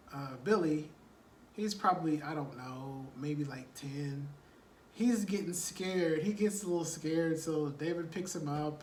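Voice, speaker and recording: A man's voice: on the high side, a little hiss or hum. A man casually retelling a movie plot, rambling and filling gaps with "like" and "you know.". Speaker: storyteller. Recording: roomy echo, distant mic, faint ambience.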